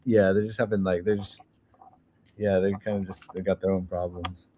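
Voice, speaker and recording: Chill guy w a really low voice, lots of likes, faint hiss behind. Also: flat delivery, normal speed, dark tone. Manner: laid-back, fillers, agreeing. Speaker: podcast co-host. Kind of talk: casual chat.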